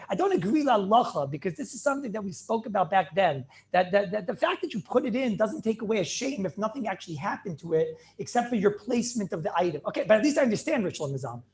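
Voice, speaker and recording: A man, a rabbi, giving a lively class, asking questions, laughing often and repeating words as he restarts. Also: high-pitched. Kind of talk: lively Talmud class lecture.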